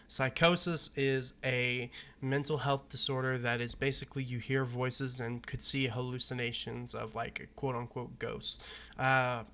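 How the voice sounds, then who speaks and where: A young man from Arizona talks straight to camera in a loose, rambling vlog, cursing freely as he goes. His voice is bright and edgy, and it stays on an even, level pitch with little rise and fall. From Arizona, USA. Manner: candid, loose, profane, rambling. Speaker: vlogger. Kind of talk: casual personal talk to camera.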